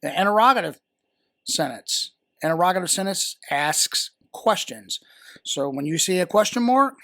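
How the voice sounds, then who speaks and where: A man's voice: on the high side, fairly bright tone, no room sound, clean studio sound. A man with a Southern American accent, patiently explaining a grammar lesson with fillers and repeated words. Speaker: teacher. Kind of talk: grammar tutorial.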